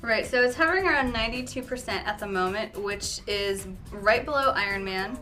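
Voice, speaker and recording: A woman's voice: medium pitch, brisk, sharp tone, soft background music. A woman co-hosting a film review show, chatting casually and dropping wry asides.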